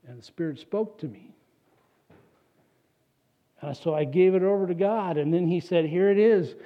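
A man preaching a sermon as a pastor, animated and conversational, with casual asides to the congregation. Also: on the high side, normal speed. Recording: dull lo-fi recording.

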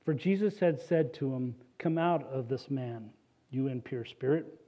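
A man preaching a sermon as a pastor, animated and conversational, with casual asides to the congregation. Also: mid-range voice, unhurried. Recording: dull lo-fi recording.

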